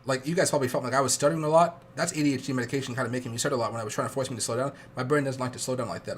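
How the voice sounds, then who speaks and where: Young male livestream host, sick, rapid rambling delivery, faint noise behind. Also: medium pitch, fairly even intonation. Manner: fast rambling chatty, with fillers. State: sick, coughing. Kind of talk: casual livestream talk.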